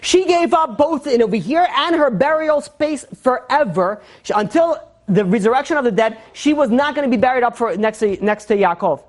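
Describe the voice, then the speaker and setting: A woman's voice: on the high side, lively intonation, normal speed. A woman with a Brooklyn Jewish accent teaching an informal Torah class, conversational and full of restarts and fillers.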